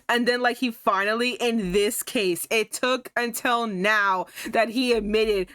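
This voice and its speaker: A woman streamer commenting casually on a game, talking fast and swearing in exasperated rants. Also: on the high side, fairly bright tone, no room sound, clean studio sound.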